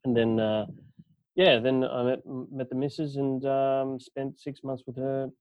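A man's voice: mid-range voice, level tone, a little slow, dry recording, highs cut off. A Dutch man with a partly Australian accent, a guest chatting casually and rambling with many fillers. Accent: Dutch speaker with a partly Australian accent. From Netherlands. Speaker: guest, club representative. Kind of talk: casual podcast chat.

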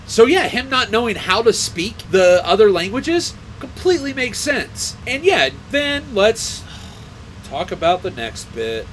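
A man co-hosting a casual movie podcast, talking in a high, bouncy voice that swings all over its range. He rambles, restarts his sentences and swears freely as he gets worked up. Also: fairly bright tone, slight background noise. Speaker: podcast co-host.

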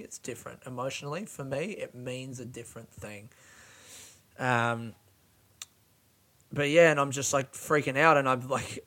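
A man's voice: medium pitch, sharp tone. A young Australian man telling a rambling, sweary comic story about waiting for money.

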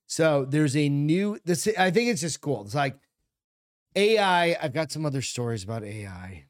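A man's voice: fairly high pitch, big pitch swings, moderate pace, dry recording, clean studio sound. A man co-hosting a casual podcast, swearing freely and reading news stories aloud with running asides. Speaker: podcast co-host. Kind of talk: casual chat.

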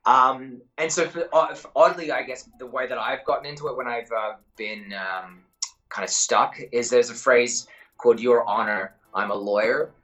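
A man's voice: medium pitch, steady tone, normal speed, bright, forceful tone, poor audio. A man with an Australian accent, an actor talking casually in an interview, rambling and correcting himself with lots of fillers.

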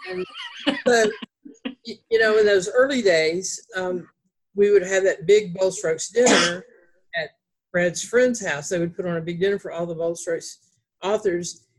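A woman's voice: fairly low pitch, a little slow, pauses often. Southern lady writer from north carolina, chatty and rambly, lots of ums and restarts. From Greensboro, North Carolina. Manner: rambling, many fillers and restarts. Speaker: author. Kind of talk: casual storytelling chat.

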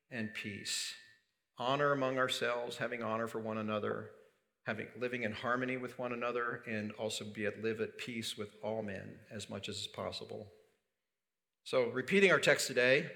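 A man delivers a sermon from the pulpit with a bright, forward tone. He keeps it conversational, throws questions to the congregation and slips in light humor. His pitch sits in a typical middle range. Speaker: pastor.

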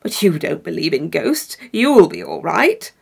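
A woman reading the part of a dapper gentleman who tells a ghost story, speaking calmly and gravely with a sly dryness. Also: lowish voice, measured pace, heavily acted. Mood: polite, sly. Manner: calm, grave, slightly sly delivery. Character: dapper, composed man telling a ghost story.

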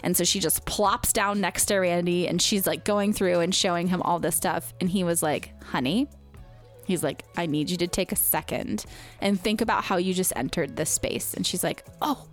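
A woman in her thirties co-hosting a podcast, telling family stories in casual chat, quoting people with lively voices and laughing often. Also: fairly low pitch, normal speed, faint music behind. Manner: chatty storyteller, animated quoting, laughs often. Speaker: podcast co-host.

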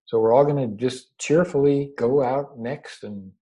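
A man giving a spiritual teaching over a video call, unhurried and gently reassuring, often repeating his words. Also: mid-range voice, breathy edge, rough recording. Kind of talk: meditative spiritual talk. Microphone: own microphone over a video call.

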